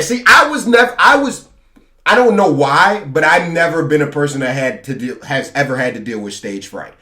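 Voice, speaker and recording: High-voiced young man, storytime vlog, lively and self-hyping, echoey room. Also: normal speed. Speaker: vlogger. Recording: roomy echo, distant mic.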